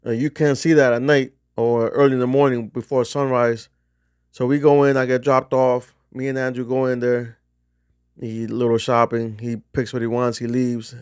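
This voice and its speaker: A man's voice: mid-range voice, little pitch movement, moderate pace, a little mellow, clean tone, no echo, studio quality. A middle-aged man from New Jersey casually telling a rambling, profane golf trip story. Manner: rambling, profane, restarts often. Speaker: golf vlogger.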